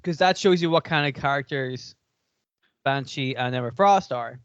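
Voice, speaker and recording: A man with an Irish accent chatting casually as a podcast co-host, rambling in an animated way. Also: mid-range voice, normal speed, smooth, dry recording, lo-fi sound. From Ireland. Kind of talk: casual chat.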